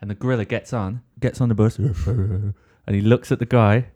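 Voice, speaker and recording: A man's voice: fairly low pitch, fairly even intonation, moderate pace, dark tone, slightly rough. A young man hosting a podcast, telling a rambling comic anecdote in casual talk and swearing freely. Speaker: podcast host.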